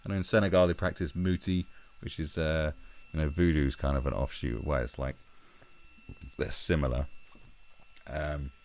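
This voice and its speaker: A man's voice: a bass voice, steady tone, normal speed, long pauses, darkish tone. A man vlogging his reactions to an article in a casual way, sarcastic, profane and prone to rambling.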